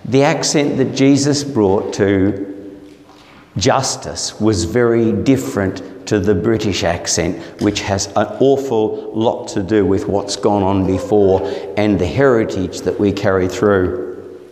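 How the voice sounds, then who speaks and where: A man's voice: lowish voice, takes it slowly, darkish tone. Middle-aged aussie guy preaching, chatty storytelling, big roomy church hall with long echo. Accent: Australian. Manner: conversational, anecdotal storytelling. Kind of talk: sermon.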